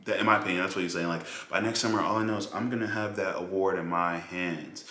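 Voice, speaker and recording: A man giving a casual, animated film review monologue with lots of fillers and mocking asides. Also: deep voice, fast talker, roomy sound. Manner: animated, mocking quoted voices, many fillers.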